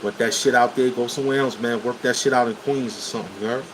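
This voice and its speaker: A man's voice: mid-range voice, fairly even intonation, quick pace. A man from Brooklyn with a New York accent, telling stories to viewers on a livestream in blunt street slang. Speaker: livestream host. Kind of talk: casual livestream storytelling. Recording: air conditioner hum behind voice. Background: air conditioning hum.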